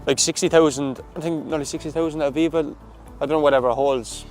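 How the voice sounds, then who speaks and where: A man's voice: a little high, steady tone, fast, darkish tone, faint music behind. A man with an Irish accent, a footballer telling stories in a casual interview, full of fillers and restarts. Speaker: footballer, guest.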